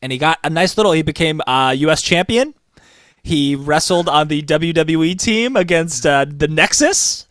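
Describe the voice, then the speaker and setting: Podcast co-host, male, eager storyteller, slightly high voice, dry close mic. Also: normal speed, no echo. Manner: enthusiastic storytelling, rises in pitch when excited. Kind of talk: casual wrestling podcast chat.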